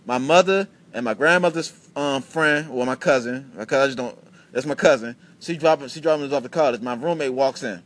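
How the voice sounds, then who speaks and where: A man's voice: medium pitch, fairly quick. A man in his twenties hosting his own podcast, telling stories in a casual, profane rant full of restarts. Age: 20s. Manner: animated, profane storytelling with many restarts. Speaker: podcast host.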